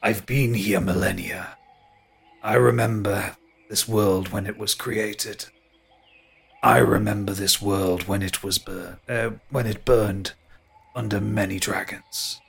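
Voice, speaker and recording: A man voicing an ancient tree spirit who speaks slowly and solemnly. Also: fairly low pitch, fairly even intonation, creaky, a bit bright, slightly rough, exaggerated voice. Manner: very slow, ponderous, solemn.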